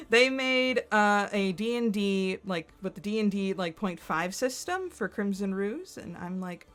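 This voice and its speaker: A young adult woman streaming from her computer, chatting casually and excitedly, rambling with lots of fillers and frequent giggles. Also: mid-range voice, measured pace. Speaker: streamer reacting to content. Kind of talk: casual chat while screen-sharing.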